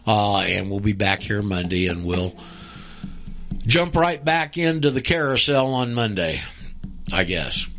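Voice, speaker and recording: A man's voice: on the low side, sing-song, a little slow, fairly bright tone. Frustrated folksy man hosting a radio show. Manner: blunt, folksy, frustrated and emphatic. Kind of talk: call-in radio talk.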